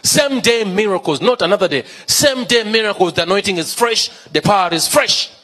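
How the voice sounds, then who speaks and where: Pastor, male, high husky voice, emphatic sermon delivery with lots of repetition and questions. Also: expressive, fairly quick, pushed and bright. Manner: emphatic, repeats key phrases, asks the congregation questions.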